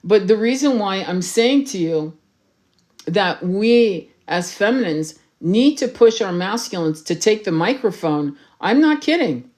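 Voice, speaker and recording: A woman's voice: mid-range voice, lively intonation, unhurried, darkish tone. A woman tarot reader, raised in France, talking passionately and urgently to her livestream viewers, swearing freely and repeating herself for emphasis.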